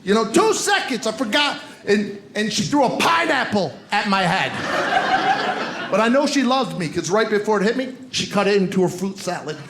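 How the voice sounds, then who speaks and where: A man works a comedy club stage with a stand-up set, teasing the audience through punchy crowd work. His voice is high-pitched and animated at a normal speed. The club sounds roomy, with crowd noise and audience laughter behind him.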